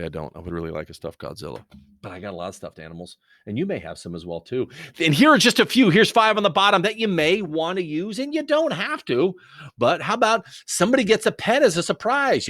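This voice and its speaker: A man's voice: on the high side, a bit bright, no echo. A man teaching a recorded video lesson in a rambling, joking, conversational way into a close mic.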